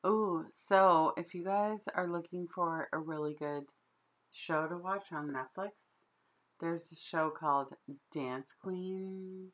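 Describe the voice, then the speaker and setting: A woman co-hosting a podcast in casual chat, chatty and quick to laugh. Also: on the low side, a bit bright. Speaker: podcast co-host.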